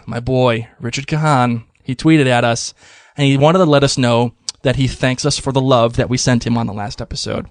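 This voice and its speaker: A man's voice: mid-range voice, normal speed, no room sound, studio quality. A man co-hosting a podcast, chatting enthusiastically and reading out listener messages. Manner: enthusiastic, animated, restarts often. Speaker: podcast co-host. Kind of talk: casual chat reading listener feedback.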